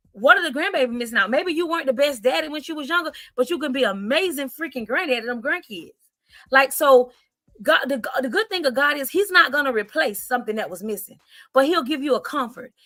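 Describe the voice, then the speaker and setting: A woman's voice: high voice, sharp tone, dry recording, studio quality. A woman in her forties on a podcast, speaking in an earnest, encouraging way with a preachy lilt. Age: 40s. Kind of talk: podcast talk.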